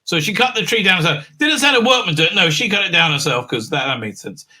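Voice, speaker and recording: A man's voice: sits high, lively intonation, fast talker, bright, forceful tone. A man giving a casual, sarcastic recap and review in a rambling way, with many filler sounds. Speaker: video reviewer.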